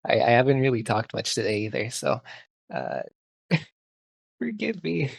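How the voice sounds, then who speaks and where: A man's voice: medium pitch, very animated, a little slow, gravelly, breathy edge, no room sound, clean studio sound. Man laughing through a casual comic read. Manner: self-deprecating, laughs at his own reading. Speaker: comic reader. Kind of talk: casual read-aloud of a webcomic.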